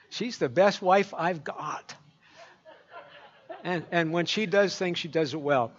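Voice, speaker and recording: A man's voice: on the high side, takes it slowly, long pauses. A man preaching a sermon as pastor, folksy and rambling, with many fillers and restarts. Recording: dull lo-fi recording.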